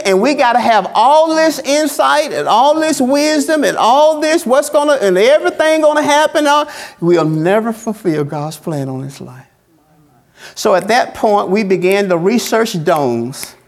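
A man's voice: extremely high pitch, gravelly. A man preaching a sermon as pastor, in a colloquial, folksy style, repeating phrases in a call-and-response cadence.

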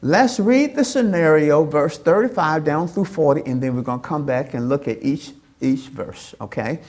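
A woman's voice: deep voice, lively intonation, normal speed, darkish tone. A woman preaching in church, prompting the congregation to answer back and repeating phrases for emphasis. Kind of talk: call-and-response sermon.

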